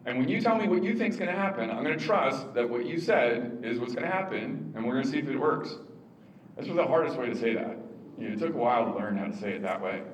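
A man's voice: medium pitch, fast talker, a little hiss or hum. Man giving a casual church talk in a roomy hall. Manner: conversational, many fillers, animated quoted asides. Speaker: parenting speaker to a church audience. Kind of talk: informal church teaching talk. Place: room with an audience.

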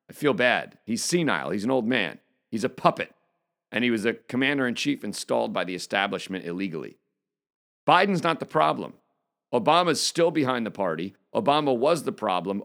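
A man's voice: lowish voice, a bit bright. A man giving an indignant opinion monologue as a political commentator, speaking emphatically. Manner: emphatic, indignant, reads quotes aloud.

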